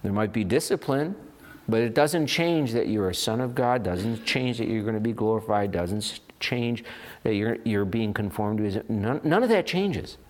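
Animated man preaching a sermon. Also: lowish voice, moderate pace. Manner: animated, expressive preaching with voiced asides and rhetorical questions. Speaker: pastor.

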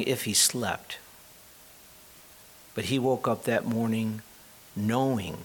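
Guy preaching a sermon in church, lower voice, earnest, lots of pauses and repeats. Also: a little hiss or hum, rough recording. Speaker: pastor.

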